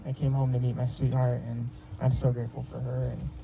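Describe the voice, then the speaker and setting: A man's voice: medium pitch, monotone, fairly quick, creaky, warm tone, lo-fi sound, a little hiss or hum. A young man in his twenties giving a heartfelt wedding speech as the groom, telling stories with many restarts and fillers. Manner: rambling storytelling with many restarts. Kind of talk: emotional personal speech.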